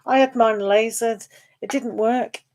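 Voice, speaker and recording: A woman's voice: fairly high pitch, steady tone, a little slow, darkish tone, a little hiss or hum. A woman chatting on a live tarot stream, reading viewer questions aloud. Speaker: tarot reader.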